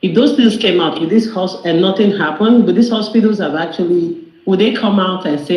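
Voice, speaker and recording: High-voiced man, emphatic, echoey call. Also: brisk. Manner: emphatic, repeats himself while making his point. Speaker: panelist. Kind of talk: casual group discussion. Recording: echoey muffled online call.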